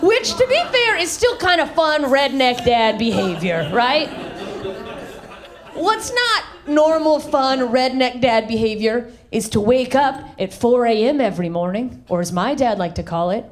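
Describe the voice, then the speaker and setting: A woman performing a high-energy stand-up comedy set on stage, acting out voices and shouting her punchlines. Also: expressive, measured pace. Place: comedy stage in front of a live audience. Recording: live stage recording with crowd. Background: audience laughter.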